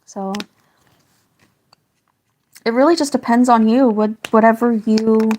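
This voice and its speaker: A slightly hoarse woman with a raspy voice, a parent chatting casually and rambling on a livestream while she colours, hedging her words as she goes. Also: on the high side, fairly even intonation, unhurried, darkish tone, a little hiss or hum. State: slightly hoarse, getting sick. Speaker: livestreaming artist.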